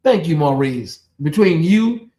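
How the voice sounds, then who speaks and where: A high-voiced man runs a late-night gossip livestream in a loose, chatty way. He talks straight to his viewers and breaks off into animated asides, with a lilt. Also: unhurried. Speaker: livestream host.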